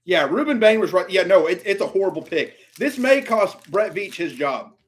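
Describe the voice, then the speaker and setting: High-voiced guy livestreaming draft reactions, ranting and fed up, muttering then blowing up. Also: lively intonation, moderate pace. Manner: exasperated ranting, swings from muttering to outbursts. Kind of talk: live reaction stream.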